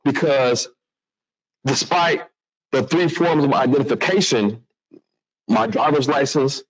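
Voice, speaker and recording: A man telling a personal story to an audience in a lively, animated way. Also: medium pitch, takes it slowly, poor audio. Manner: animated, acts out other voices, restarts a lot.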